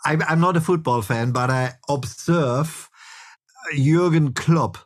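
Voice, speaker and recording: A man's voice: on the high side, slow pace. A man with a German accent, talking casually as a guest producer in an interview, laughing often and restarting his sentences.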